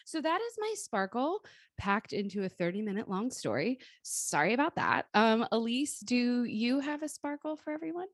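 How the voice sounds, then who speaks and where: This woman in her thirties co-hosts a chatty podcast, her fairly high voice very animated at a normal speed. She talks bluntly and swears freely, and the studio sound is clean with no room echo.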